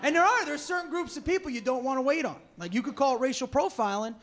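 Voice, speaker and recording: A man's voice: very high-pitched, animated, fast talker, a bit bright. A man performing a live stand-up set on a comedy club stage, brash and profane as he tells stories. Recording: noisy live club recording.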